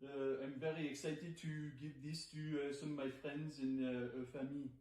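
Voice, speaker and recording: A man with a French accent delivers deadpan comedy, pausing often on hesitant filler sounds. He sits back from the mic in an echoey room. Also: mid-range voice, far from the mic, slight background noise. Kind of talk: comedic monologue.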